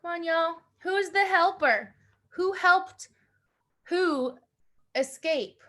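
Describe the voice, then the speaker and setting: A woman teaching young learners with a high, bright voice. She speaks slowly and upbeat, repeating each question. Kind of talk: online class instruction.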